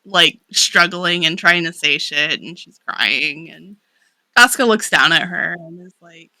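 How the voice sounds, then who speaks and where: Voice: medium pitch, a little slow, bright, forceful tone, no echo, poor audio. A podcast co-host casually recapping a comic story, rambling with lots of fillers, frequent swearing and laughter.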